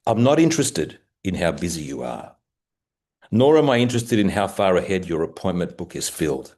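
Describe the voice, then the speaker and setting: Older Australian male presenter, very low pitch, croaky, measured and rhetorical, video call. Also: darkish tone. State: croaky from the early hour. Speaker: webinar presenter. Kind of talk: business webinar presentation. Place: home at night.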